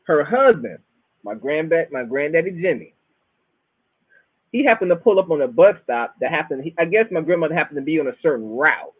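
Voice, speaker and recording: With a fairly high, slightly rough voice, a Florida man hosting the show drifts through a casual, profane monologue, spinning stories in laid-back Southern slang. The sound is dry and tinny, similar to a phone call.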